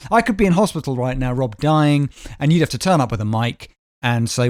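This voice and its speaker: Man, casual podcast chat, teasing, mid-pitched, dry close sound. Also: expressive, fairly quick, few pauses, darkish tone, no echo. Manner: chatty, teasing, interrupts and chips in. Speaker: podcast co-host.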